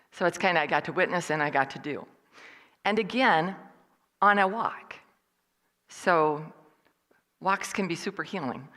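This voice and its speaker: Storytelling older woman, reverberant hall. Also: fairly low pitch. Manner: animated, acts out quoted voices. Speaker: motivational speaker. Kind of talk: storytelling talk.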